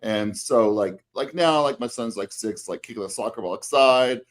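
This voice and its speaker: A man's voice: lowish voice, moderate pace. A middle-aged man and fitness coach, co-hosting a casual podcast chat, rambling with many fillers and restarts.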